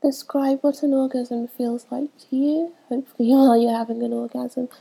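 A young woman talking in a casual, hesitant way, her voice congested from a cold. Her tone is very dark and husky with a gravelly fry, kept fairly high but flat in pitch. She fills pauses with ums as she works through a list of questions. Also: poor audio. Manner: hesitant, many ums, laughs between answers. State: stuffy from a cold. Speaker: vlogger answering a questionnaire. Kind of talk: casual chat.

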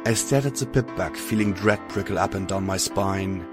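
A man narrating an audiobook in a steady first-person reading. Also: low-pitched, normal speed, over loud music.

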